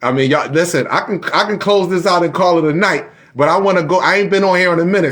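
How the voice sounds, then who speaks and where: A man's voice: high voice, quick pace, hardly any pauses, fairly bright tone. A man hosting a casual live stream and talking straight to his viewers. He sounds frustrated and keeps laughing about his computer freezing up. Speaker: livestream host.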